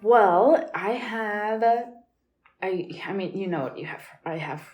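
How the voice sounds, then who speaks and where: A woman co-hosting a podcast in casual chat, her voice groggy and hoarse, rambling with fillers and restarts. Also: medium pitch, animated, a little slow, muffled recording, faint music behind. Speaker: podcast co-host. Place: tiled hotel room. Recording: echoey tiled room.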